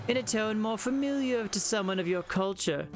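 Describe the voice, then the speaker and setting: A man voicing a creepy plant monster that speaks in a put-on Southern US drawl, slow and fumbling. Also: high-pitched, pitched above the performer's own voice.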